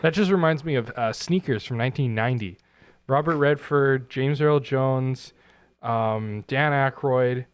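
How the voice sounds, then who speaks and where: A young man co-hosts a podcast and makes his points earnestly, sometimes arguing them. His mid-pitched voice is recorded dry and close, with no room sound. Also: unhurried, smooth, dry recording. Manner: earnest, mildly argumentative. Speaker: podcast co-host. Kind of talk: casual chat.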